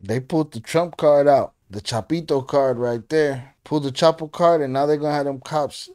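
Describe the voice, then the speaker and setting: Reaction host dude, slangy wry little comments between clips. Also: male voice, a little high, normal speed, darkish tone.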